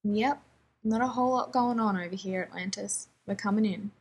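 A woman voicing a weary, guarded male air force colonel who speaks softly and dryly. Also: medium pitch, normal speed, slightly rough.

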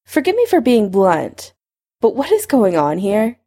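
A guarded young man, a wizard on the back foot, as a woman reader gives him voice in a storybook audiobook. He answers in a wary, blunt way, with a melody that moves widely around a middle pitch. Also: wildly swooping pitch, a little slow, warm tone.

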